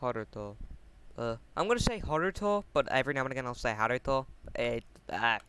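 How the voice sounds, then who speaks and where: A man casually retelling a fan story off the cuff, halting often with fillers, restarts and casual swearing. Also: mid-range voice, very animated, bright, forceful tone, slight background noise.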